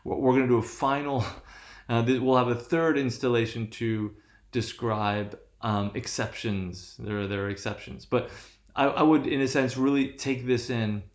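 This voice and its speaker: A man's voice: mid-range voice, steady tone, moderate pace, echoey room. A man teaching a recorded lesson from his room, talking with many restarts and adding "right?" after nearly every point. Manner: hesitant, restarts often, keeps checking with "right?". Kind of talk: recorded lecture on English stress.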